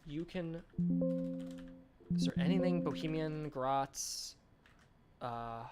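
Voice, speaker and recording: A man's voice: on the high side, unhurried, long pauses, a little hiss or hum. A man hosting a game developer live stream in a casual chat, reading viewer comments aloud and answering them with enthusiasm. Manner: enthusiastic, chatty.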